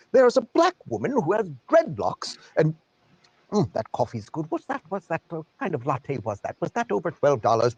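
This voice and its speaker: A pompous upper-class snob drawls in a put-on British aristocratic accent, rising into high, swooping tones, as a man puts him on. The voice sounds a little husky underneath. The manner is affected and sing-song. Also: no room sound, heavily acted. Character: pompous upper-class coffee-sipping liberal.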